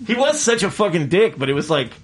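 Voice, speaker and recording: A man's voice: high voice, sing-song, quick pace, very noisy. A man co-hosting a podcast, telling swear-filled stories in casual chat and acting out the people he quotes. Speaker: podcast co-host.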